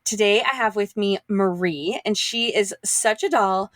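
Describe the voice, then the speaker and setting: Woman, podcast host, bubbly, chatty, effusive, mid pitch, dry close recording. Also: measured pace, fairly bright tone, no room sound. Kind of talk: casual interview chat.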